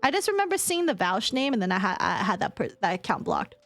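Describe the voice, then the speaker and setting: A woman's voice: medium pitch, quick pace, faint music behind. A young woman from California with a Californian accent, chatting casually on a stream and laughing often. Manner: giggly, laughs often, animated.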